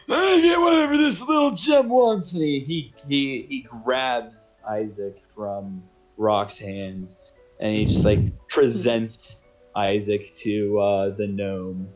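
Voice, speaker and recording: A man's voice: fairly low pitch, slow, a little mellow, soft background music. A man narrating as game master on a tabletop game stream, casual and rambling, with many restarts. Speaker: dungeon master.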